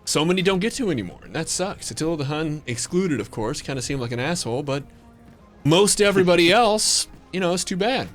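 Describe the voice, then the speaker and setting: A man's voice: fairly high pitch, lively intonation, a little fast. A man streaming a game live, chatting casually with viewers in a jokey, rambling, playfully flirtatious way. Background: faint background music.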